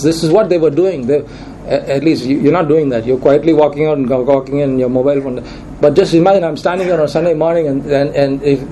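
A man's voice: a little high, warm tone, slight background noise, low-quality recording. A man preaching a Sunday sermon in church, repeating key lines for emphasis. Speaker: pastor.

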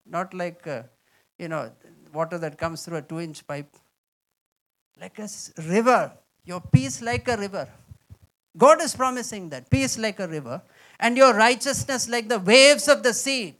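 A man preaching a sermon, reading scripture with slow, heavy stress and mixing quiet asides with loud exclamations. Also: high voice. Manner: emphatic, reads scripture aloud with slow dramatic stress.

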